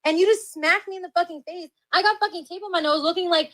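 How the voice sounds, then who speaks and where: A woman's voice: extremely high pitch, quick pace, a bit bright, dry recording, poor audio. A woman guest on a podcast, telling a story in a casual, profane, exasperated way. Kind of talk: interview storytelling.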